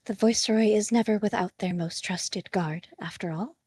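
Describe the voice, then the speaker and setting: A woman's voice: medium pitch, normal speed, a little mellow, a little hiss or hum, close to an everyday voice. A woman voicing a small, proud acting viceroy from a tabletop game, speaking in a lofty, formal, mock-haughty way.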